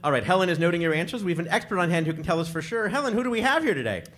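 Jovial male game show host, slightly high and very animated, faint noise. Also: racing. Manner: jovial, teasing.

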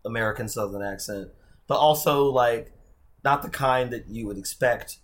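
A man's voice: mid-range voice, moderate pace, fairly bright tone. A man speaking as a podcast guest in casual, playful chat, rambling and self-mocking.

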